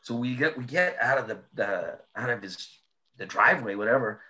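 A man with a bright, forceful voice spins casual stories as an interview guest. He is animated and laughs often as he talks. His pitch sits in an everyday middle range. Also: brisk. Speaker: interview guest, former player. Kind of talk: casual storytelling.

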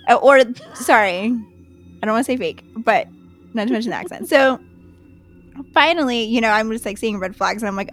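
Young woman rambling through a story, says like constantly, kinda high voice, faint music behind. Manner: chatty, lots of "like", quick to laugh. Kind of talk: casual anecdote.

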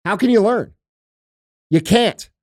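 Brief: middle-aged male podcast host, high voice, blunt swearing rants, dry close sound. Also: slow pace, a little mellow, no room sound. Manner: profane, blunt, emphatic ranting. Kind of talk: casual podcast chat.

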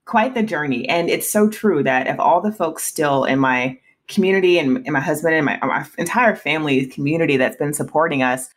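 A woman's voice: sits low, brisk, hardly any pauses. A woman in her thirties talking candidly as a podcast guest, emotional at times, with frequent restarts and laughs. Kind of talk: casual interview conversation.

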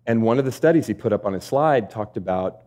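A man's voice: fairly low pitch, a little fast. A man giving a motivational talk, telling stories and asking the audience questions. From United States. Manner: lively storytelling with rhetorical questions. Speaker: motivational speaker. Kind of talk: keynote talk.

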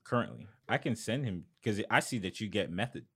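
A man's voice: lowish voice, lively intonation, fairly quick, background noise. A man co-hosting a podcast in casual chat, laid back and ribbing the others in slang. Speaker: podcast co-host.

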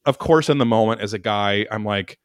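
Animated, profane male storyteller. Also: fairly low pitch, fairly quick, clear, resonant tone, no echo, clean studio sound. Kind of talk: casual chat, storytelling.

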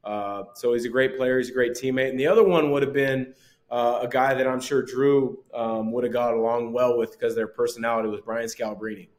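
A man in his forties, a former pro basketball player, telling lively anecdotes as a podcast guest and chuckling often. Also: mid-range voice, a little fast. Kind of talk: casual storytelling.

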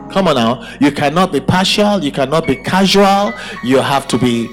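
A man's voice: fairly high pitch, lively intonation, normal speed, faint music behind. A man preaching a sermon at a church service, emphatic and full of rhetorical questions. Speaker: pastor.

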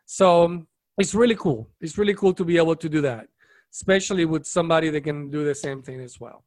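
High-voiced man in animated casual chat. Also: a little fast. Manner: animated, swears freely. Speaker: panel guest.

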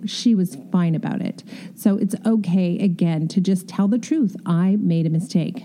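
Mellow-voiced woman telling candid work stories. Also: mid-range voice, moderate pace, hardly any pauses. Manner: candid, self-deprecating, emphatic. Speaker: interior designer. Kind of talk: storytelling advice talk.

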